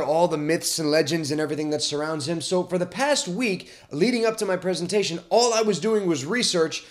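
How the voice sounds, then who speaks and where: Chatty young man hosting a history show. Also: fairly high pitch. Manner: chatty and animated, with frequent fillers and restarts. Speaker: podcast host. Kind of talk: casual history explainer.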